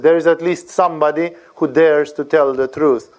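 Animated higher-voiced man lecturing. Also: moderate pace, hardly any pauses. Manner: animated, rhetorical, asks "No?" for agreement. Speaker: spiritual teacher. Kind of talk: lecture on scripture.

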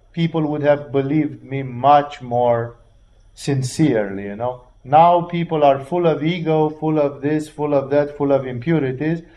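Man preaching in blunt, animated style. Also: fairly high pitch. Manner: animated, acts out voices of biblical figures, blunt and profane. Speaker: religious teacher. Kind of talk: informal sermon on the Gospel.

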